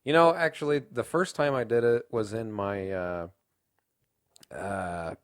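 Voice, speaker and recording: A man's voice: on the low side, measured pace, no room sound, clean studio sound. A young man co-hosting a casual podcast, laid-back and joking with crude humor. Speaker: podcast co-host.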